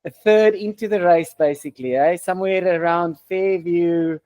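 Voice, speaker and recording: A man interviewing runners for a race event, relaxed and full of fillers. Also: high voice, normal speed, dry recording. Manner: relaxed, hesitant with many fillers. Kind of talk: casual interview. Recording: dull lo-fi sound.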